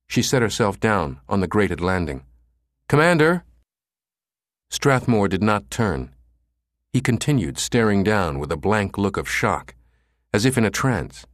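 Low-voiced man narrating with lively pitch. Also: dry recording, clean studio sound. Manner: steady and dramatic storytelling. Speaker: audiobook narrator. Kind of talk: scripted narration.

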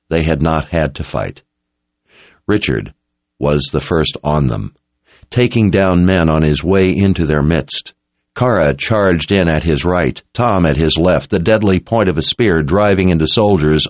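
A man's voice: sits low, lively intonation, a little slow, dry recording, muffled recording. A man reading a dramatic story aloud as narrator, in an intense, scripted audiobook style.

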